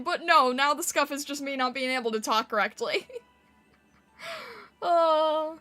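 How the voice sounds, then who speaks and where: A woman streamer chats with her viewers in a high, bright voice. She giggles a lot and squeaks when she laughs or yells. Faint music plays behind her. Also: unhurried. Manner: giggly, chatty, reading chat aloud. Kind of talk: casual live-stream chat.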